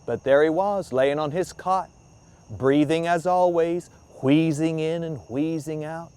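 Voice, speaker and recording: A man telling ghost stories with dramatic, at times hushed delivery. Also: a little high, unhurried, smooth. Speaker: storyteller. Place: outdoor graveyard.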